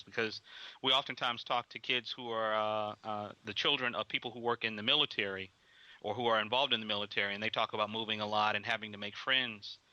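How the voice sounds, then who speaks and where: A man hosts an interview, circling through long questions and stumbling over repeated words. His voice has a very bright, sharp edge. The recording is dry and slightly dull, without any room echo. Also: mid-range voice. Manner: rambling, repeats words while forming questions. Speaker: interview host.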